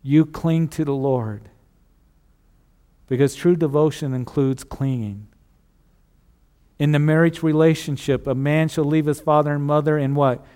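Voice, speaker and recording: Male pastor mid-sermon, dark mellow tone, earnest and repetitive, hushed for emphasis. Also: on the high side, fairly even intonation, measured pace, long pauses. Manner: earnest preaching with repeated phrases, drops to a hush on key lines.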